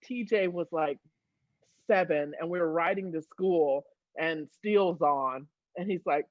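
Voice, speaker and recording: A woman telling a story on a casual video call, animated and giggly as she talks. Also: on the low side, a little slow, no room sound. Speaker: podcast fan guest. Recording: dull, dry video call audio.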